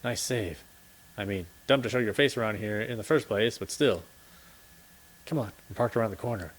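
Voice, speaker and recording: A man voicing a gruff male Nosferatu vampire informant with a gravelly voice and a mocking manner. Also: lowish voice, moderate pace, close to an everyday voice.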